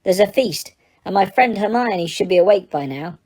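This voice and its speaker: Lady reading a calm understated schoolboy, low-key and dry, soft mellow tone. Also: normal speed, lightly acted. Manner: plain, understated. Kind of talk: audiobook character voice.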